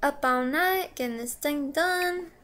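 High, bright-voiced young woman narrating her game. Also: slow, a little hiss or hum. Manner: playful, sings and hums to herself, giggly. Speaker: gameplay commentator. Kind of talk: casual gameplay commentary.

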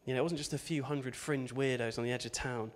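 A man's voice: mid-range voice, fairly even intonation, fast talker. A man preaching an informal sermon, conversational and chatty, with asides and tag questions.

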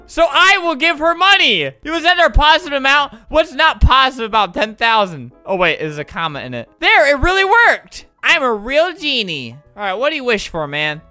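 Bright, bouncy young woman gamer. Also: fairly high pitch. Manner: playful, swings into loud squealing excitement. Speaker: Roblox gaming YouTuber. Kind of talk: gameplay commentary.

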